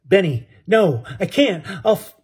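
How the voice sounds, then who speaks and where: A man voicing a desperate young male marine, pleading and strained as he shouts for help. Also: high-pitched, sing-song, a little slow, breathy edge, voice pushed up, heavily acted.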